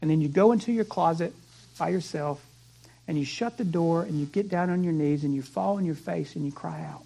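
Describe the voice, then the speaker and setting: A male pastor preaching a sermon, telling the story dramatically and dropping to a hush for prayer. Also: a little high, a little fast, gravelly.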